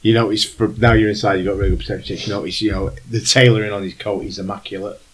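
A man's voice: lowish voice, flat delivery, fast talker, husky, poor audio. A man acting as game master, describing scenes in a rambling way with plenty of fillers. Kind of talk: narrating a tabletop game.

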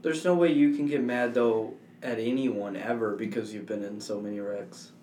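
A man's voice: fairly low pitch, fairly even intonation, moderate pace, a little mellow, distant mic. Teasing man, off-mic in an echoey room. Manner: dry, teasing. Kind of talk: casual chat. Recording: echoey room, off-mic, faint background hum.

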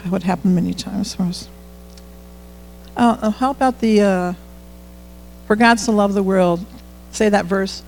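A man's voice: high-pitched, gravelly, darkish tone, slight background noise, rough recording. A middle-aged man giving a candid, conversational testimony in church, often quoting his own prayers aloud. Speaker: church speaker sharing testimony. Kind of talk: informal sermon testimony.

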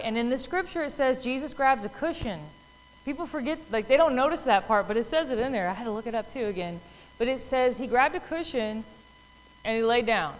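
A chatty Bible teacher with a fairly high voice tells a Bible story in a casual talk, using lots of fillers and acting out the characters' voices. The rough recording has a big-room sound and a little hiss or hum.

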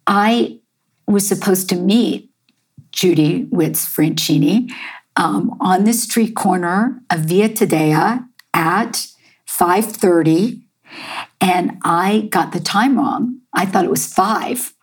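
An American woman, a chef and artist, telling her life story in an interview, halting and reflective with many fillers. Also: fairly low pitch, breathy edge. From United States.

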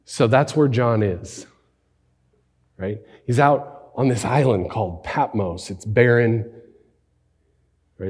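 A male pastor preaching a conversational sermon, animated and full of rhetorical questions, sometimes dropping to a hushed near-whisper for emphasis. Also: fairly low pitch, husky.

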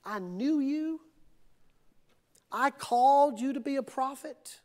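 A middle-aged man preaching a sermon as pastor, swinging between quiet reflection and impassioned, acted-out cries to God. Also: very high voice, takes it slowly. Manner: preaching with rising, impassioned outbursts and acted-out prayers.

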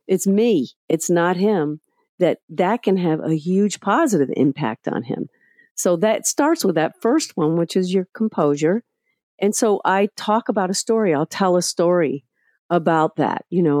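A middle-aged woman speaking as a guest in an interview, telling candid, animated stories about parenting. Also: deep voice, dry recording, clean studio sound. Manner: candid and animated, acting out past scenes. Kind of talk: casual storytelling in a podcast interview.

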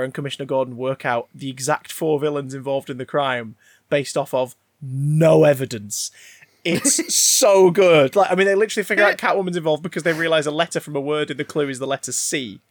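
This man, a podcast co-host, has a voice on the high side and riffs loosely about a film, cursing freely as he rambles with animation. The sound is clean studio audio with no room sound.

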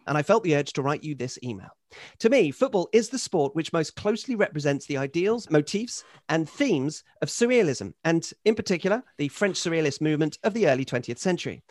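Man, podcast host, dry wry reading, slightly high voice, dead dry sound. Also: big pitch swings, brisk, dry recording. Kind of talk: casual chat and reading a listener email.

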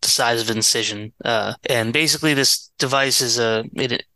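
A man running through the news items on a podcast, halting and casual, with many ums. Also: mid-range voice, pushed and bright, dry recording, poor audio.

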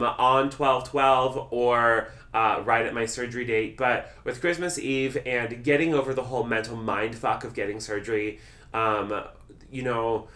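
A young man gives a casual podcast update, chatty and enthusiastic, often pausing on ums. His voice sits at an ordinary pitch with a bright, forward edge. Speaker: podcast host.

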